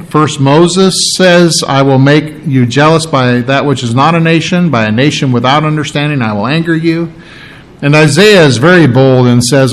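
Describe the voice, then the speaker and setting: A middle-aged man giving a verse-by-verse Bible teaching, unhurried and explanatory, pausing on fillers as he works through the text. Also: fairly high pitch, rough recording. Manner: unhurried, with frequent fillers and restarts while explaining.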